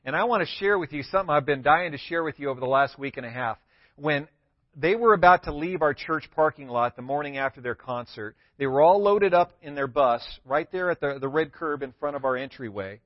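A man's voice: fairly high pitch, expressive, brisk, no echo. A man pastor giving a sermon, emphatic and repeating key words for stress. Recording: dull lo-fi sound.

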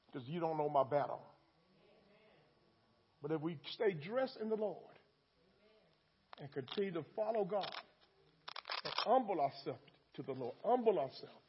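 Husky high-voiced preacher man. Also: muffled recording. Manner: call-and-response preaching, repeating lines with rising emphasis. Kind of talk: sermon.

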